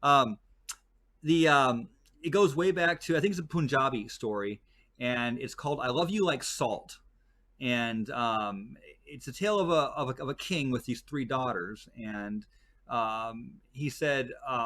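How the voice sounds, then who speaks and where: A man's voice: medium pitch, moderate pace, a bit bright. A man chatting as a guest who works as a desert tour guide, telling stories in a rambling way with many fillers and restarts. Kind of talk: casual chat.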